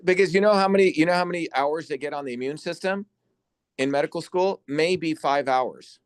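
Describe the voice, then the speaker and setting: A man hosting an online symposium, lecturing forcefully and bluntly over a video call, swearing for emphasis. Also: a little high, a little fast, clear, resonant tone, no room sound. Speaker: symposium host and educator.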